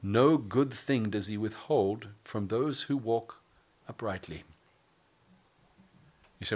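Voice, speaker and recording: Low-voiced pastor preaching conversationally. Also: male voice, takes it slowly, long pauses. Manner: conversational preaching with asides and humor. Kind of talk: sermon.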